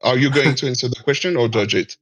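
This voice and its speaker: A man with a French Canadian accent debating in a live online discussion, pressing the same question again and again with halting, repeated phrasing. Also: medium pitch, a crowd in the background.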